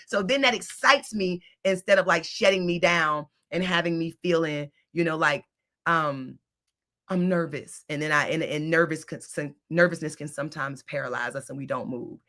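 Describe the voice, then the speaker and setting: Bright-voiced emphatic woman coach. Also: fairly low pitch. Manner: emphatic, animated, with frequent restarts and casual slang. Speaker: spiritual coach and podcast host. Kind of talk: motivational talk.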